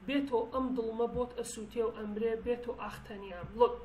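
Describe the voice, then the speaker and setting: A woman's voice: fairly high pitch, fairly even intonation, racing, darkish tone, lo-fi sound. A woman from Kurdistan with a Kurdish accent, teaching a language lesson and explaining words with frequent restarts. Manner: explanatory, with many restarts and fillers. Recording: roomy with faint background noise.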